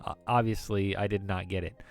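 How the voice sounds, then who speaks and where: With a deep voice and flat delivery, speaking a little fast, this late-thirties man from the former Soviet Union chats from home on a stream. His talk is casual and rambling, and he often laughs and starts his sentences over.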